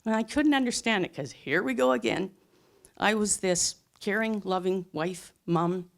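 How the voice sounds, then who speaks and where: A woman's voice: medium pitch, normal speed, vocal fry. A middle-aged woman telling a personal story live on a theatre stage, earnest and emphatic. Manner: earnest, emphatic, plain-spoken.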